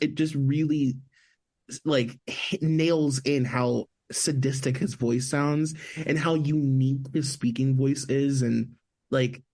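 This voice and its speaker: Animated man with a slightly husky voice. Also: mid-range voice. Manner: animated, laughs often, quick asides. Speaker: podcast co-host. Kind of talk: casual movie review chat.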